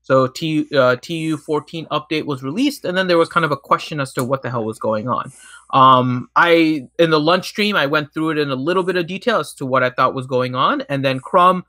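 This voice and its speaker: A man co-hosting a casual gaming livestream, relaxed and explaining game mechanics at length. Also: on the high side, brisk, dry recording.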